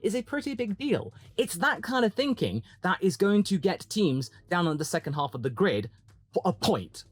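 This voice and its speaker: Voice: medium pitch, no room sound. A motorsport commentator delivering a chatty opinion monologue, often breaking into dramatic quoted asides.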